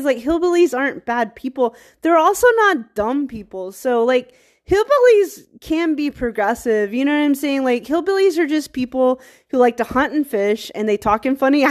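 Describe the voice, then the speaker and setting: A woman from small-town Virginia with a Southern accent talks straight to camera in a loose, rambling vlog. Her voice sits a bit high for a woman. She stops and restarts often and laughs in the middle of her sentences. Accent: Southern American, rural Virginia. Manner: rambling, chatty, many fillers and restarts. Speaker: vlogger. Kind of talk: casual monologue.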